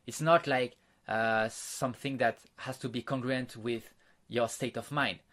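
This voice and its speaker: A man's voice: mid-range voice, steady tone, measured pace, fairly bright tone. A man teaching social skills, explaining step by step and acting out sample lines, with slightly non-native phrasing. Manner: plain, repetitive, demonstrates lines in quotes. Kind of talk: instructional talk to camera.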